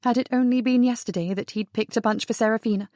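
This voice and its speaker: A woman's voice: on the high side, fairly even intonation, quick pace, darkish tone, no echo. Woman narrating an audiobook, dry close sound. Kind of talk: scripted narration.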